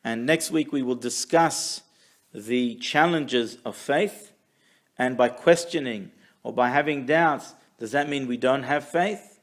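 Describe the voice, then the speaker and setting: A man teaching a weekly Torah class who tells stories in a lively way and acts out the people in them. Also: medium pitch, slow pace. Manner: animated storyteller, acts out quotes. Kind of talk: storytelling Torah lesson.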